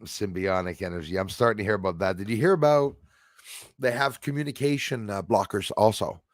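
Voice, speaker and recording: A man hosting a casual livestream, rambling excitably and answering viewers' comments aloud. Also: on the low side, fairly quick, no echo, clean studio sound. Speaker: livestream host.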